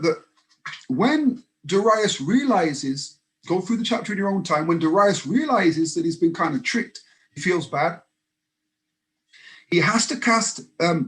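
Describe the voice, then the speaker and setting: A man with a high-pitched voice teaches a Bible study in an earnest way. He often repeats and restarts his words as he explains. His tone stays that of a study teacher.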